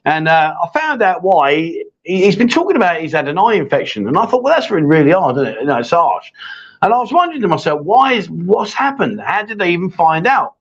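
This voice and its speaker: A man's voice: high voice, sing-song, fairly quick. Jokey man hosting a chat show. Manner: chatty, jokey, reads viewer questions aloud. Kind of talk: casual live chat show. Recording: dull lo-fi stream audio.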